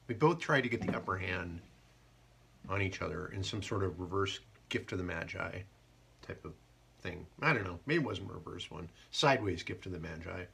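A man hosting a live haiku show, chatting casually and joking, and reading poems slowly. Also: sits low, expressive, vocal fry, fairly bright tone, husky. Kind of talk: casual live-stream chat.

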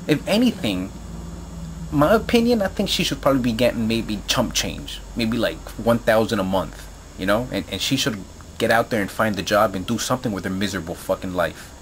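The speaker is a man with a fairly low, expressive voice who talks fairly quickly. As a video blogger, he addresses viewers directly in a heated, profane rant that rambles with many fillers and repeats. Slight background noise can be heard.

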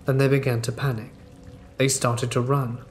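A man narrating true scary stories in a calm, measured storytelling way. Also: mid-range voice, faint music behind. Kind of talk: scripted narration. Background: faint rain ambience.

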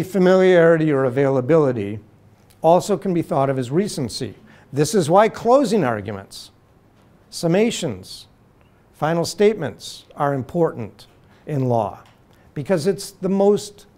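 Man, law lecture, deliberate, emphatic pauses, somewhat high pitch. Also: sing-song, darkish tone. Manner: deliberate, measured, with slowed emphasis on key terms. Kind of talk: university lecture.

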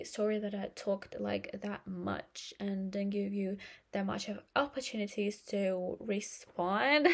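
Slow, soft-spoken woman in ASMR role-play. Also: medium pitch, gravelly. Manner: chatty, rambling, affectionate. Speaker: ASMR creator.

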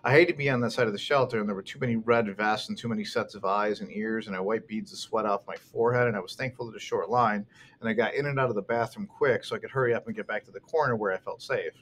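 A man's voice: lowish voice, quick pace, fairly bright tone, a little hiss or hum. A man reading a first-person novel aloud as an audiobook narrator, telling it expressively with occasional restarts.

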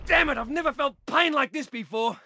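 A brash, cocky Australian soldier and heard in a video game, barking taunts and battle calls in a high, gravelly voice that swings widely in pitch. Loud gunfire and explosions thunder behind every line. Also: male voice, brisk, very noisy. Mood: pained. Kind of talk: game character voice lines.

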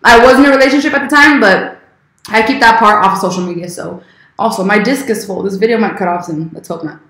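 Blunt, bright-voiced woman in an echoey room. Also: mid-range voice, fast talker. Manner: blunt, self-mocking, swears freely. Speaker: vlogger reacting to her old videos. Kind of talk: casual reaction commentary.

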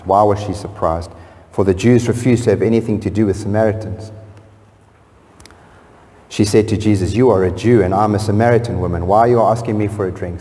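A male pastor preaching in a church hall with long reverb. His fairly low, mellow voice climbs high and gets louder as he presses his main points. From South Africa. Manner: preaching with sudden rises in pitch and force on key phrases. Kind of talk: sermon.

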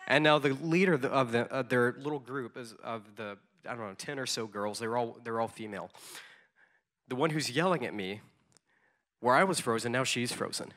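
A man's voice: mid-range voice, moderate pace, a bit bright. A man preaching in a storytelling way, conversational, with frequent ums and repeated words. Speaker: conference speaker. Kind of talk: storytelling sermon.

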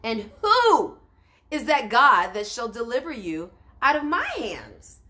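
A woman's voice: low-pitched, fairly even intonation, pitched below the performer's own voice. A woman doing a furious ancient king. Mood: demanding. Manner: slow, drawn-out scolding. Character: angry, domineering ancient king, male. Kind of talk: dramatized scripture reading.

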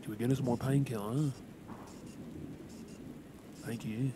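A young Australian man speaks softly in a whispered role-play, calm and comforting with plenty of small pauses and fillers. His voice sits at an ordinary pitch. Steady rain and rolling thunder are plainly audible behind him. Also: noisy background. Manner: soft, gentle and reassuring, halting with fillers. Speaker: ASMR creator.

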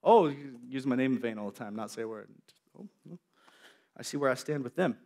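A preacher voicing a hurt, quiet God. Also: male voice, lively intonation, brisk, natural voice. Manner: low, soft, sarcastic. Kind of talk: sermon with acted-out scenes.

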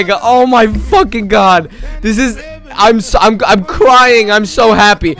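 With faint music in the background, this livestreamer greets viewers by name and plays up sarcastic, exaggerated mock shock in a casual chat. His high voice is bright and forceful, and his delivery is a little slow.

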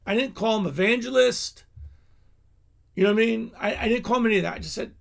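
A man's voice: high voice, fast talker, vocal fry. A middle-aged male pastor giving a candid teaching talk, telling personal stories with frequent asides and restarts.

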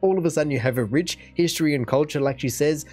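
A man's voice: a little high, quick pace, a little mellow, faint music behind. An Australian man hosting a reaction video, chatting casually and thinking aloud while he acts out other people's lines. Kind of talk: casual commentary.

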